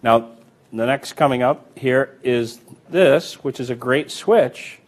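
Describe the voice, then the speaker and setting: A man walks through card sleights step by step, talking as he handles the deck. His delivery is relaxed and explanatory, with a teacher's patience. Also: mid-range voice, slow pace. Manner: relaxed, explanatory, talks while demonstrating. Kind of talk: instructional demonstration.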